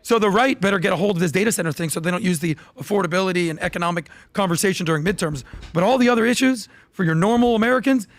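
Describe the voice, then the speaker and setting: A man's voice: high voice, very fast, no room sound. A man on a podcast panel arguing politics emphatically, asking rhetorical questions and talking over the others. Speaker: podcast guest.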